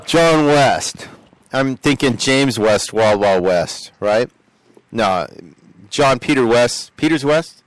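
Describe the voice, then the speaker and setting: A man's voice: medium pitch, animated, slow pace, no echo, rough recording. A man hosting a community radio show, rambling and joking on air. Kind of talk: casual on-air chat.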